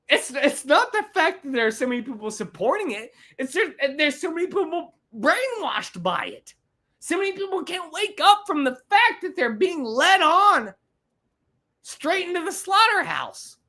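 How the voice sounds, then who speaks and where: A woman's voice: very high voice, big pitch swings, normal speed, bright, forceful tone. A woman hosting a livestream podcast, ranting with lots of swearing and repetition. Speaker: podcast host.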